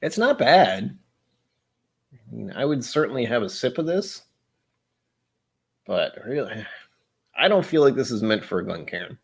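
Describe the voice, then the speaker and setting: A man's voice: medium pitch, big pitch swings, measured pace, gravelly, long pauses, slightly rough. A man hosting a livestream, chatting casually over drinks, rambling, joking and poking fun at himself. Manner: rambling, joking and self-deprecating. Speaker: livestream host.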